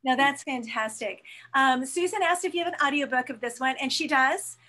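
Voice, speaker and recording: High, bright-voiced woman host. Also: normal speed. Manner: encouraging, reads out audience comments. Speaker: interview host. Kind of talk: casual conversational interview.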